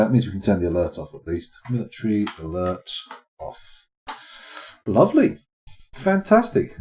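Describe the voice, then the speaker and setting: A man's voice: medium pitch, warm tone. Chatty man streaming a game. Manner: chatty, swears casually, thanks viewers. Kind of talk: live gameplay commentary.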